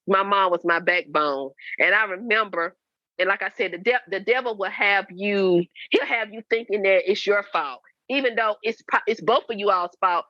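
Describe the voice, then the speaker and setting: Woman in her fifties, bright edgy voice, earnest heartfelt testimony, dry dull lo-fi recording. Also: medium pitch, dry recording. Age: 50s. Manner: earnest, repetitive, preachy testimony. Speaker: guest, host's mother. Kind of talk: candid personal storytelling. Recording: dry, slightly dull lo-fi sound.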